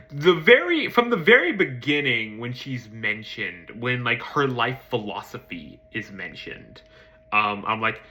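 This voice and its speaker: Man, casual film review, animated pitch, bright voice, hesitant, restarts sentences. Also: moderate pace. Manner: hesitant, many ums and restarts, casual swearing; jumps to excited high-pitched emphasis.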